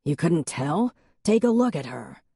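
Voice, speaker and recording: A man's voice: a little high, very animated, a little slow, vocal fry, mellow, breathy edge, no room sound, clean studio sound, exaggerated voice. A woman reading an audiobook, voicing a blunt young man who speaks in cold, clipped anger.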